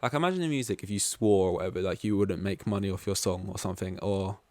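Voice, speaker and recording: Man from east london, casual solo podcast talk, rambling with lots of fillers, somewhat low voice, dry recording. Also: fast talker, mellow, no echo. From East London, England. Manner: rambling, goes off on tangents, heavy use of "like". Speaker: podcast host.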